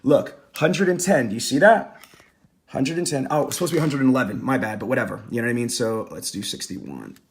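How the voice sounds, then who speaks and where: A man's voice: medium pitch, animated, fast, slightly rough. A male sales trainer coaching a live online audience in an emphatic, repetitive, hyped-up way with chatty slang asides.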